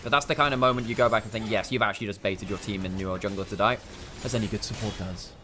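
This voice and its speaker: An English man commentating a live esports match, breaking down plays with quick analysis and dry humour. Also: lowish voice, fairly even intonation, background noise. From England.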